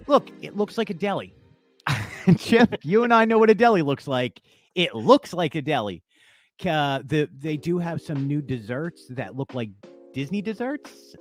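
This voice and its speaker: A man co-hosting a podcast in casual chat, animated and chatty with frequent fillers. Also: on the high side, measured pace, faint music behind. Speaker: podcast co-host.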